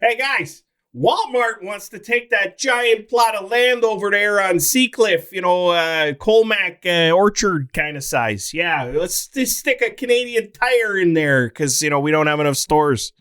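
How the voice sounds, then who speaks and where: A man's voice: on the high side, moderate pace, hardly any pauses, no echo, pitched above the performer's own voice, close to an everyday voice. A man voicing an exaggerated, chirpy male town booster in a goofy put-on accent.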